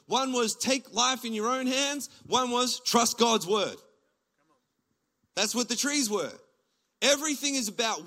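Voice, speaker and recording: An Australian pastor preaching to his congregation from the stage. His voice sits high and bright, with a ringing edge. He preaches with animated energy and pushes up toward near-shouts as he presses his point. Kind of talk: sermon. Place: church stage before a congregation.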